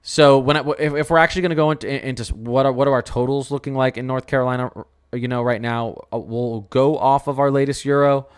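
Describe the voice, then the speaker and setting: A man hosting a casual weather livestream, talking to his chat in an excitable, rambling way with lots of exclamations. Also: medium pitch, fast talker, clean tone.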